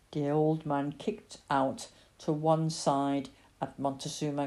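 A woman reading a story aloud as narrator, with expressive storytelling. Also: sits low, measured pace. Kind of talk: audiobook reading.

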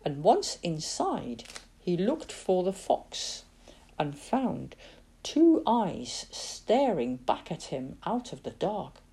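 A husky, expressive woman narrating a story. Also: lowish voice, slow pace. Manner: expressive, dramatic reading.

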